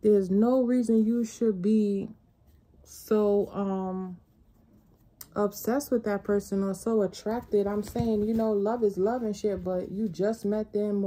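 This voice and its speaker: List: woman, tarot reader, casual reading, blunt and profane, rambling, husky, mellow voice. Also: mid-range voice.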